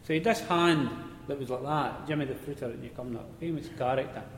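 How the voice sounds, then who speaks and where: A man's voice: mid-range voice, fast. Scottish man, easygoing storyteller, roomy hall, faint background hum. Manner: conversational, relaxed, repeats words as he goes. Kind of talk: spoken anecdote of mining days. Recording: echoey hall with faint ambience.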